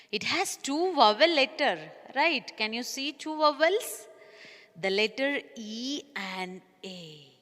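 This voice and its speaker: A woman teacher with an Indian English accent, giving a slow, sing-song lesson to young children. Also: a little high, fairly bright tone, long reverb tail. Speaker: primary school teacher. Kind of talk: recorded online class lesson.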